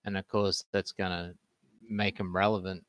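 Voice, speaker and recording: A man with an Australian accent, a guest on a voice chat, talking hesitantly with many pauses. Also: sits low, level tone, fairly bright tone, no echo, lo-fi sound. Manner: hesitant, full of ums and restarts. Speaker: call-in guest. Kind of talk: casual voice-chat debate.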